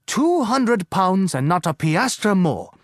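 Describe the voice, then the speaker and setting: A man reading aloud and voicing a shrewd middle-aged male estate agent who talks low and slyly and sometimes bursts into shouts. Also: very animated, slow, no room sound, clean studio sound, exaggerated voice. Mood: shouting. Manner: hushed and sly, then bursts into shouts.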